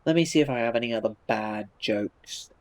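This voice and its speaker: A laid-back man chats on a live stream and answers viewer messages as they come in. His voice sits at an ordinary middle pitch. He swears casually and often stops and restarts his sentences. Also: a little fast, darkish tone, rough recording.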